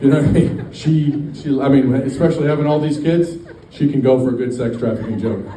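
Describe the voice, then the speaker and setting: A man doing a stand-up set in a brewery, deadpan and rambling, with lots of fillers. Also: mid-range voice, brisk, slight background noise. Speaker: stand-up comedian. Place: brewery stage. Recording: echoey room, distant mic, faint ambience.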